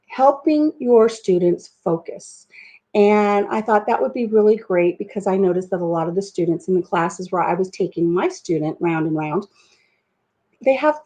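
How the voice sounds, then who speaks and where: A woman's voice: mid-range voice, warm tone. Middle-aged woman, chatty host who wanders off topic, easygoing live-stream talk at home. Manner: rambling, goes off on tangents. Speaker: livestream host. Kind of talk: casual chat. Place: at home, painting a rock over coffee.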